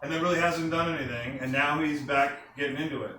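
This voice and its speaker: A man's voice: a little high, steady tone, fast, sharp tone. A man giving an enthusiastic sales presentation to a small group, asking the room questions as he goes. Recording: echoey room from a distant mic with faint noise.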